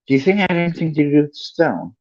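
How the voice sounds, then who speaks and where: A man's voice: a little high, very animated, fast talker, darkish tone, dull audio, pitched above the performer's own voice. A man voicing a clever young schoolgirl witch in a storybook reading, in a raised voice. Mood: curious.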